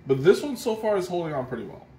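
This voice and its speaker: A man's voice: high voice, sing-song, fast, mellow. Rambling man in a roomy recording. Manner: rambling, thoughtful, frequent restarts and fillers. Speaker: livestream tea taster. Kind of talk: casual live tasting chat. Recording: roomy echo, faint background noise.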